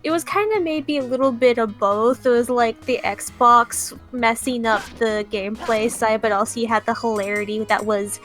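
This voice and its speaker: A woman's voice: a little high, moderate pace, few pauses, faint music behind. A woman in casual chat about video games, telling stories with giggles. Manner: chatty, giggling, animated storytelling. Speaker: co-host.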